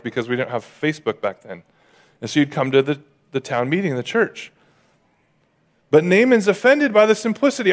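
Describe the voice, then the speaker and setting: High-voiced pastor preaching animatedly. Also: male voice. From Northern California or Oregon. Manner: animated, acts out voices of people he describes. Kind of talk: sermon.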